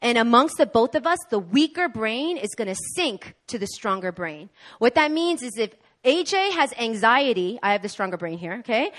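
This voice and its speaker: Animated woman preaching a sermon. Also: on the high side, normal speed, hardly any pauses. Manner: animated, acts out quoted voices. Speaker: guest preacher. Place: church service.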